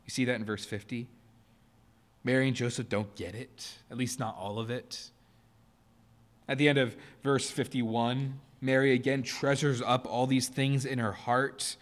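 A male pastor preaching from the pulpit in a church sanctuary. His voice sits at an ordinary middle pitch. He talks earnestly, leaning hard into key phrases and then easing off into quieter, gentler passages. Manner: earnest, rising to emphatic stresses then dropping soft. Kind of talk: sermon.

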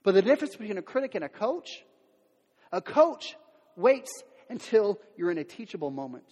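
A pastor with a high-pitched, very animated voice and a darkish tone preaches a sermon at normal speed. He talks candidly and conversationally, full of fillers and restarts, and acts out the quoted voices of everyday people. The recording has a long hall reverb.

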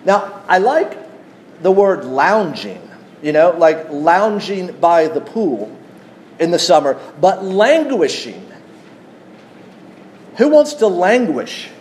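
A man preaching a sermon, teaching at an unhurried pace and putting questions to his congregation. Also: high-pitched, darkish tone, a little hiss or hum. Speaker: pastor.

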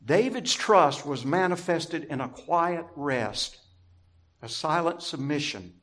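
A man preaching a sermon as pastor, deliberate and emphatic, stressing key words through repetition. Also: fairly high pitch, animated, fairly bright tone.

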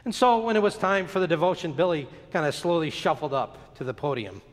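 Male pastor, slightly high voice, very animated storytelling sermon, long hall reverb. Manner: expressive, dramatic storytelling with slow emphatic pauses.

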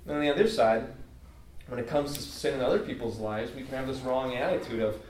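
His mid-range voice is a little mellow and fairly quick as this man preaches a casual, heartfelt sermon in everyday language with many fillers, earnest and informal. Echo from the room, a distant mic, and a bit of hiss or hum color the recording.

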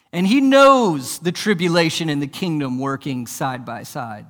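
A male pastor preaching a sermon, asking rhetorical questions and repeating words as he starts his sentences, swinging from soft and low to loud and emphatic. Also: measured pace, few pauses, long reverb tail. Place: church.

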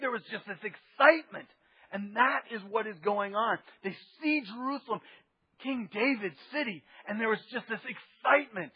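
A man preaching a sermon in a church sanctuary, telling the story in an animated way and swinging between loud bursts and near-murmurs. The recording is dull and lo-fi with a long hall reverb. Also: sits high, moderate pace, slightly rough. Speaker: pastor.

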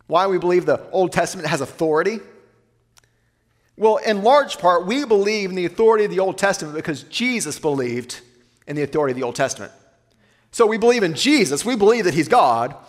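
A man preaching a sermon, asking rhetorical questions and slowing down to read scripture aloud. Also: sits high, in a large hall. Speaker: pastor.

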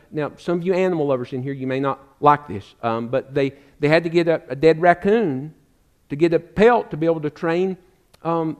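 A man preaching a sermon as pastor, fervently repeating words for emphasis and addressing listeners as friend, then easing into relaxed storytelling with fillers. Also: a little high.

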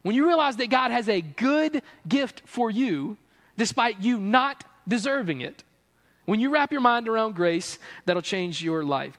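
A man preaching a sermon as pastor to a gathered room, telling stories with laughs and playful asides. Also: high-pitched. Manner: animated storytelling with laughs and asides. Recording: long reverb of a large hall.

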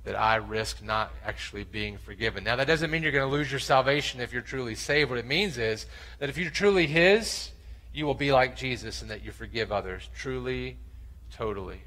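A man's voice: medium pitch, moderate pace, pushed and bright, poor audio. A man preaching a sermon, reading scripture aloud and acting out its voices with passion. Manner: impassioned, acts out voices in scripture. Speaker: pastor.

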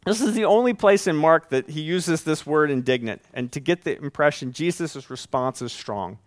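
Guy preaching sunday sermon, chatty and animated, dry close sound. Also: on the high side, moderate pace, no room sound. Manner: conversational, animated preaching with folksy asides. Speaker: pastor.

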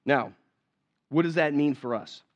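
A man's voice: a little high, a little slow. A man preaching a sermon in a conversational way, often checking in with his congregation. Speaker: pastor. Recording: slightly dull, lo-fi sound.

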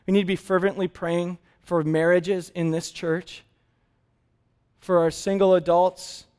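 A man in his thirties preaching a sermon as pastor, telling a family story with animated laughs. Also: high-pitched, measured pace, smooth.

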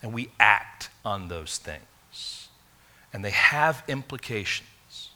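A man from England, preaching a sermon in an animated, conversational storytelling way. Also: lowish voice, takes it slowly. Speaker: pastor.

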